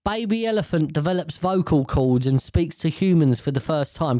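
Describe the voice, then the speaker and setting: A man's voice: on the high side, expressive, normal speed, darkish tone, no room sound, studio quality. A man in casual, rambling commentary on the news, swearing freely and often correcting himself.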